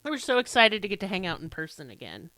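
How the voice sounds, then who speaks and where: An American woman hosts a true crime podcast with a bright, forceful voice. She talks casually and irreverently, pokes fun at herself, and swears now and then. The sound is close and dry. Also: mid-range voice, sing-song, quick pace, no echo. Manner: casual, irreverent, self-deprecating, occasional swearing. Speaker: podcast host.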